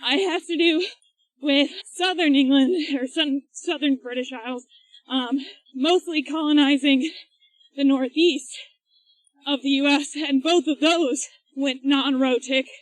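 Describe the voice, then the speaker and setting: A woman's voice: high-pitched, fairly even intonation, measured pace, no echo, rough recording. A woman co-hosting a podcast, chatting and explaining things at length with laughs while out running. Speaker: podcast co-host. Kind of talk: casual chat while running. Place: outdoors, on a run.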